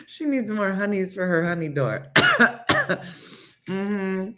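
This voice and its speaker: A woman's voice: sits low, lively intonation, takes it slowly, bright, forceful tone. A woman hosting a live morning show, telling stories in a chatty way, acting out quotes and answering viewers by name. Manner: chatty storytelling, acts out quotes, laughs often. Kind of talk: casual live-stream chat reading comments.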